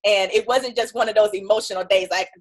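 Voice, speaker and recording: A woman guest on an interview show, telling her story in a chatty, animated way and acting out what others said. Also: medium pitch, fast talker. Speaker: guest entrepreneur.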